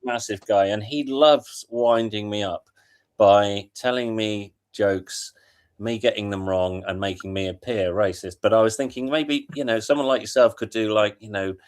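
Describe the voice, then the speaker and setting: A man's voice: fairly low pitch, moderate pace, clean tone. A man chatting on a live stream video call, hesitant and stumbling over his words, laughing often. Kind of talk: casual group chat on a video call.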